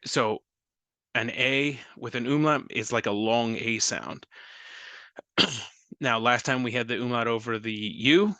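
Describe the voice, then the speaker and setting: A man's voice: medium pitch, bright, forceful tone, dry recording. A man hosting a casual spoken lesson, explaining pronunciation in a friendly way with occasional fillers. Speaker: host teaching a prayer.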